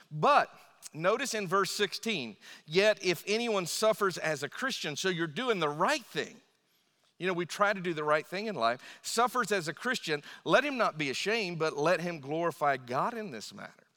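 Bright-voiced preacher in a reverberant hall. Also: male voice, high-pitched, expressive, moderate pace. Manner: emphatic preaching, voice rising and dropping, acts out quoted voices. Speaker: pastor. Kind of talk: sermon.

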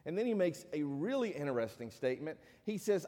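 A man's voice: a little high, sing-song, a little fast, few pauses, dark tone. Man preaching in a reverberant hall. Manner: preachy, asks the crowd many rhetorical questions. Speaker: pastor. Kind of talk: sermon.

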